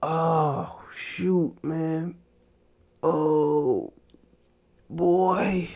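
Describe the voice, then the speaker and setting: A man hosting a casual podcast, his low voice gravelly and mellow in a dry, close room. He swears freely and talks in laughing disbelief. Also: a little slow, long pauses, no room sound. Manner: profane, laughing, incredulous. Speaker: podcast host.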